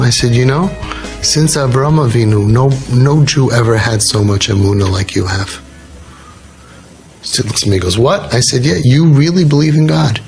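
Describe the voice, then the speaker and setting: A rabbi speaking informally to an audience, telling stories with lively quoted voices. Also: male voice, medium pitch, low-quality recording. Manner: storytelling, animated, acting out quoted voices.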